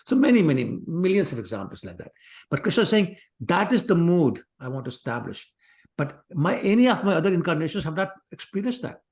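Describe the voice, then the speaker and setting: A man's voice: on the high side, sing-song, fairly quick, a little mellow. A man teaching a scripture class, telling the stories in a casual, digressive way and acting out the quotes. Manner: conversational, digressive, acts out quotes. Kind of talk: scripture class lecture with storytelling.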